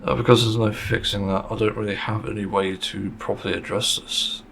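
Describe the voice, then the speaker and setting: A man with a low-pitched, gravelly voice talks through a casual solo podcast monologue. He speaks bluntly and swears freely, and slips into sarcasm now and then. Faint ambient noise sits behind him. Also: level tone, brisk, fairly bright tone. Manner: blunt and sweary, with a frank complaining tone; sarcastic at times. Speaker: podcast host.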